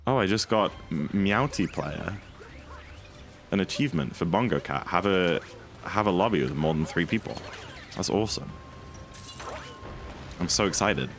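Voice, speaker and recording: A man's voice: sits low, animated, normal speed, long pauses, faint music behind. A man casually chatting and joking with his chat while speedrunning on a livestream. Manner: playful, jokey, reads chat aloud. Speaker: streamer.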